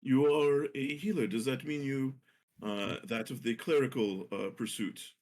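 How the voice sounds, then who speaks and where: A man voicing a courteous, curious older male wizard who speaks in formal, halting phrases. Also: medium pitch, a little mellow, voice pushed up, natural voice. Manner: polite, formal phrasing with hesitations.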